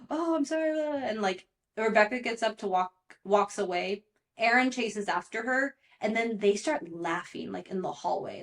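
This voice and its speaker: A woman's voice: mid-range voice, moderate pace. A young woman hosting a podcast, recapping pop culture gossip in a chatty, exasperated way and saying "like" often. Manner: chatty and exasperated, heavy use of "like". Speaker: podcast host.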